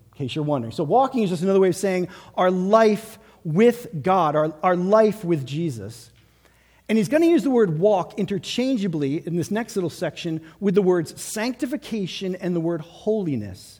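A man's voice: sits high, dark tone, breathy edge, big-room sound. A man preaching a sermon as pastor, with an urgent, emphatic delivery. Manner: urgent, emphatic preaching with acted pep talks.

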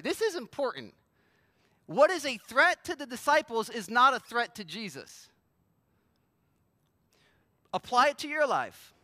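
A man's voice: very high-pitched, pushed and bright, no room sound. A man preaching a sermon as pastor, conversational and emphatic, with a prayer before he reads and explains scripture.

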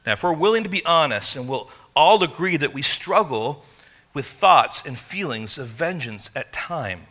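A man from England, preaching a sermon in an animated, conversational storytelling way. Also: on the high side, normal speed. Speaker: pastor.

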